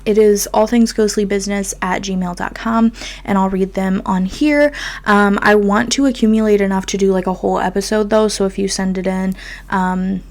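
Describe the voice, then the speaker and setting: Chatty young woman with a gravelly edge. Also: medium pitch. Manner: chatty, rambling, self-deprecating. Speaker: podcast host. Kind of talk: casual chat. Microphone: video podcast mic.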